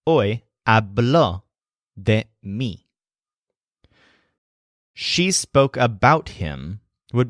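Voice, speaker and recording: A man narrating a language lesson in a clear, explanatory way. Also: mid-range voice, fairly bright tone, no room sound, studio quality. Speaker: language teacher.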